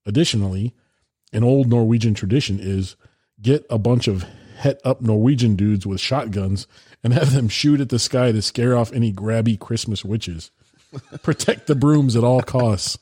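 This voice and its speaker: A man with a husky, mellow, lowish voice reads odd holiday traditions aloud and laughs as he goes. He sounds dry and close to the mic. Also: normal speed, no echo. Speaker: podcast co-host. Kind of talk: reading trivia aloud in casual chat.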